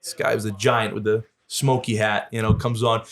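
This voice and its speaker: Fast-talking man telling animated stories. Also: on the low side. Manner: animated storyteller, acts out dialogue with swearing and laughs. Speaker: podcast guest, Marine veteran and police officer. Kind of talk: casual storytelling.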